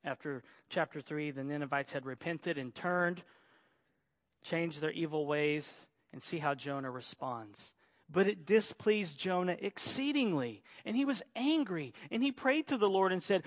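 A man preaching a sermon, moving between quiet, measured passages and emphatic, rising declarations. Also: a little high, expressive. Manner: dynamic, swings from quiet to emphatic. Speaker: pastor.

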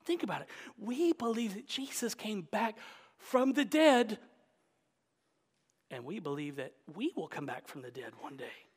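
Male pastor, slow deliberate delivery, emphatic, drops to whispers, long hall reverb. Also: high voice, big pitch swings, husky. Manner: emphatic, swings from loud exclamations to hushed whispers. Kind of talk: Easter sermon.

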